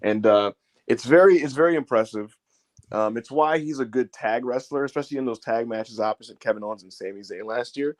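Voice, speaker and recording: A man's voice: mid-range voice, brisk. A man co-hosting a wrestling review podcast, talking in loose, profane, joking banter. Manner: animated, laughing, profane banter. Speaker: podcast co-host. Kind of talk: casual wrestling review chat.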